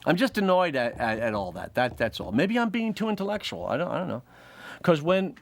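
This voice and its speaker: A man's voice: on the high side, big pitch swings, a little fast, no echo. A man hosting a comedy show, delivering a rambling monologue and laughing at his own jokes. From United States. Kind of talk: comic monologue.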